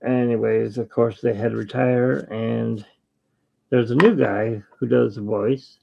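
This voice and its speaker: A man's voice: medium pitch, steady tone, measured pace, gravelly, highs cut off, slight background noise. A man hosting his channel, chatting casually and rambling with jokes while he draws. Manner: rambling and jokey. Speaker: artist and channel host. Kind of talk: casual chat while drawing.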